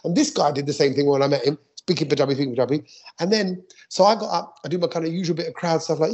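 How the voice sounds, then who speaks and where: A man, a stand-up comic co-hosting a podcast, telling an anecdote in a lively, animated way. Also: on the high side, quick pace, dull audio. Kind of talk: casual chat storytelling.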